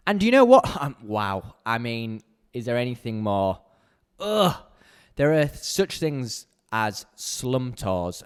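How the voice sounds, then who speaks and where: Blunt man with a smooth voice. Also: lowish voice. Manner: blunt, candid, heated when ranting. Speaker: podcast host. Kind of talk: solo podcast monologue. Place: small home podcast corner.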